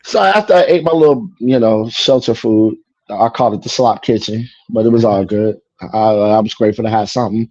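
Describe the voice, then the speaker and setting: Guy from chicago telling his story, acts out what people said, lots of you know, warm mellow voice, a bit muffled and dry. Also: on the low side, a little fast, no echo. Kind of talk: casual personal storytelling. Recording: slightly muffled dry recording.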